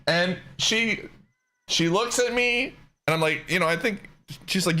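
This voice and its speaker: A man's voice: high voice, a little slow. A man streaming a game while he chats and tells a story in a casual, slangy way, often breaking into laughter. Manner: animated, laughs through the telling, slangy.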